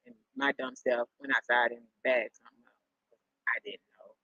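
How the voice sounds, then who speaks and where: A middle-aged woman rambles through a casual chat with her viewers, chuckling and circling back on herself. Her voice is bright and forceful. The sound is dry and a little lo-fi. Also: extremely low pitch, flat delivery, normal speed, no room sound. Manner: rambling storyteller, chuckles often, repeats herself. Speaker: live-stream host chatting with viewers. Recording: dull lo-fi sound.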